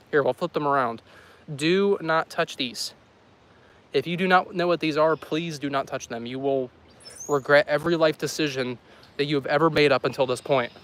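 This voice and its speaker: Chatty man livestreaming on a walk. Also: fairly high pitch. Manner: rambling, joking, chatty asides to chat. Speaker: weather livestream host. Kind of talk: casual live-stream chat while walking. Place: outdoors by a road in the countryside. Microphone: handheld phone.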